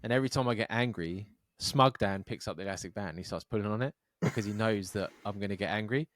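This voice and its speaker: A man with a fairly low pitch and fairly bright tone speaks quickly as a podcast co-host. His casual chat is sweary, and his rambling stories come with acted-out voices.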